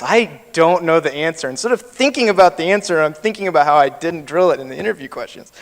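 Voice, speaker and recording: With lively intonation and hardly any pauses, a man in his thirties moves briskly through personal stories in a conversational keynote. His voice is a little high, and the sound carries the long reverb of a large hall.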